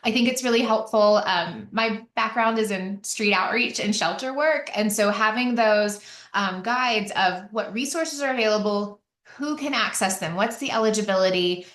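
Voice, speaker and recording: A woman giving a conversational webinar presentation, with frequent fillers and restarts. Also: medium pitch. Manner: chatty, many fillers and restarts. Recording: echoey room.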